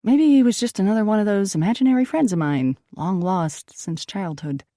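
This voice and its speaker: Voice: mid-range voice, lively intonation, brisk, mellow, no echo, clean studio sound. An audiobook narrator reading a first-person ghost story, turning dramatic at tense moments.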